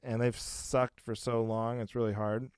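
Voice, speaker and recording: A man in his thirties, a guest comedian chatting on a podcast and telling animated stories. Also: mid-range voice, measured pace, smooth, no echo, studio quality. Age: 30s. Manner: animated, storytelling with acted quotes. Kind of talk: casual podcast chat.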